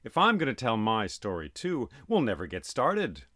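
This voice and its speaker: A man's voice: fairly low pitch, wildly swooping pitch, normal speed, bright, forceful tone, full character voice. A man voicing a young elephant-headed boy god, speaking earnestly and plainly in a told story.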